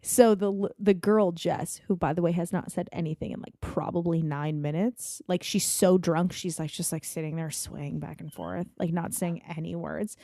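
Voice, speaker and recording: A woman guest on a podcast, telling a long anecdote in an animated, profane way. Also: lowish voice, moderate pace, few pauses, dry recording, studio quality.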